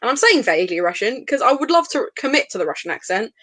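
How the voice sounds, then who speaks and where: A woman's voice: fairly high pitch, sing-song, fast talker, fairly bright tone. A young woman hosting a livestream book club, chatting casually and teasing her guests with frequent laughter. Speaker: livestream host. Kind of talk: casual chat.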